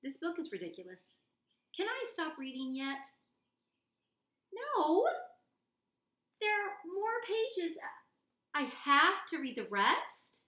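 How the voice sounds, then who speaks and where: A woman's voice: sits high, sing-song, slow pace, long pauses, sharp tone, roomy sound. A woman reading a children's book aloud in a playful, silly, exaggerated voice. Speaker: storybook reader for children.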